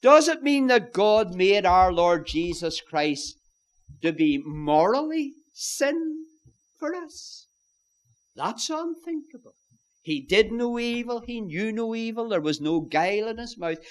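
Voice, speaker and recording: A man's voice: high voice, big pitch swings, a little slow. A man preaching a sermon, emphatic and earnest, often turning to his listeners as "my friends" and posing rhetorical questions.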